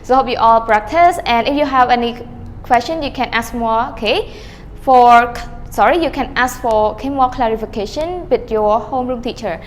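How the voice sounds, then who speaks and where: On the high side and at a moderate pace, this woman runs an online English grammar class, leaning on "okay," calling herself teacher, and showing rising versus falling question-tag intonation. Her big-room audio carries a little hiss or hum.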